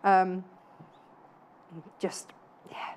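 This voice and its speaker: A woman's voice: extremely slow, a little mellow. A woman in her thirties presenting live TV sales in a chatty, gushing way with self-deprecating asides. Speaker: shopping channel presenter. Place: TV studio.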